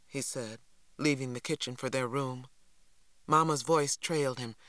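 A man narrating an audiobook in an even, measured way, close to the mic. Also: on the high side, no echo. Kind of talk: scripted narration.

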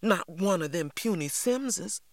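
A man's voice: high voice, expressive, normal speed, dry recording, voice pushed up. A man voicing a spirited young girl in a storybook, impatient and proud, with eager exclaimed questions. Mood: indignant.

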